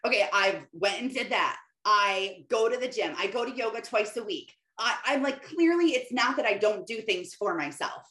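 A middle-aged woman in a casual faith-based monologue, chatty and rambling, filling her sentences with "like" and small laughs. Her voice sits at an ordinary pitch and carries a roomy echo, as if recorded in a bare room. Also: lively intonation, normal speed, hardly any pauses, a bit bright.

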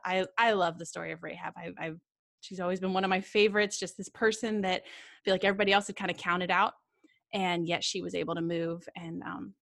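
A woman co-hosting a church podcast, speaking earnestly in quick bursts with "um" fillers. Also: on the low side, no room sound, studio quality. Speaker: podcast co-host. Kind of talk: casual podcast chat.

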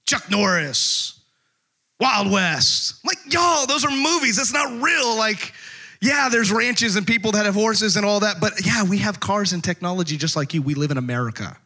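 A man's voice: high-pitched, lively intonation, normal speed, bright, forceful tone. A man from Texas, preaching a sermon in a joking, conversational way full of rhetorical questions. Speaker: pastor.

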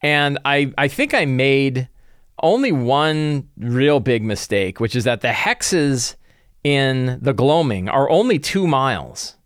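A man's voice: mid-range voice, sing-song, slow pace, clear, resonant tone, no room sound, studio quality. A man who runs tabletop games, thinking aloud about his prep in a loose, conversational way. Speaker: game master. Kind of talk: casual solo game-prep talk.

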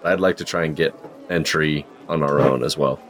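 A man's voice: rumbling low, fairly even intonation, normal speed. A man speaking as a player in a tabletop game, asking polite questions in character. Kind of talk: in-character tabletop role-play.

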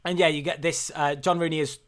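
A man's voice: fairly high pitch, fairly even intonation, fast, a bit bright. Hesitant man chatting about a film. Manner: hesitant, full of ums and uhs. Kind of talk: casual film discussion.

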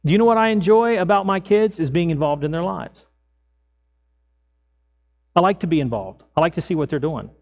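A middle-aged man preaches from the pulpit, his voice sitting a touch high for a man. He tells everyday stories with animated energy, raising his voice as he plays out his own part in them. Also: a little fast, pauses often, muffled recording. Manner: animated storytelling, acts out his own lines loudly. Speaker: pastor. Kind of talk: sermon with personal stories.

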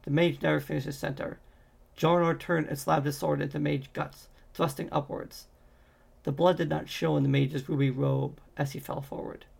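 Gravelly man reading a fantasy novel. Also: on the high side, flat delivery, normal speed, a little mellow. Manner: reads with frequent slips and restarts. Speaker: audiobook reader.

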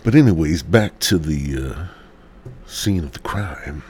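Extremely low and slightly rough, with a little mellowness and lively intonation, a man's voice takes its time. He's a podcast host going solo, sick with a cold and stoned, ranting casually, rambling, cursing and sighing.

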